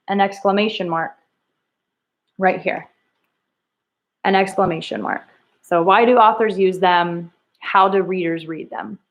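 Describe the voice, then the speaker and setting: A woman with a somewhat low voice teaches children in a recorded reading lesson. Her questions come slowly and emphatically, and she dramatizes the lines being quoted.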